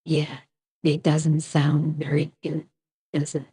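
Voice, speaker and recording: A streamer talking through an AI voice changer that turns the voice into a low, husky woman's voice, chatting wryly during a live stream. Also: completely flat delivery, slow pace, mellow, no room sound.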